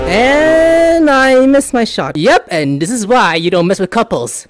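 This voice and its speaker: This is an excitable young woman chatting through a multiplayer game, her high voice leaping around as she laughs and yells at other players. She lingers between lines rather than rushing, and game music plays clearly behind her. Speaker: VRChat gamer. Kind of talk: casual gaming chat.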